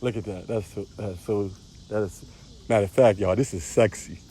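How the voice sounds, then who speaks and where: A man's voice: lowish voice, fairly even intonation, normal speed, dark tone, husky. A man, a spiritual teacher, preaching on a livestream outdoors, repeating phrases with a sing-song emphasis.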